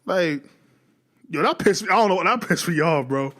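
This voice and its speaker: A man's voice: sits high, expressive, normal speed, a bit bright. A man giving casual, slangy reaction commentary, swearing often and sounding incredulous. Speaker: reaction streamer.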